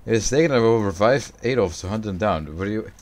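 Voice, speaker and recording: A young man livestreaming a video game, chatting with viewers, swearing and reacting loudly to the game. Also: on the low side, animated, a little fast, a little hiss or hum. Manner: profane, reacts loudly to the game, answers chat. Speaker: streamer. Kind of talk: casual gaming livestream chat.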